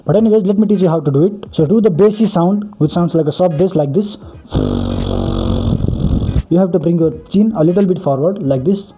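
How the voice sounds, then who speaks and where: A man with a fairly high voice teaches beatbox sounds step by step. His tone is mellow and soft, and his voice is husky. He explains earnestly, with a lot of repetition. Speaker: beatbox tutorial host. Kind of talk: step-by-step tutorial.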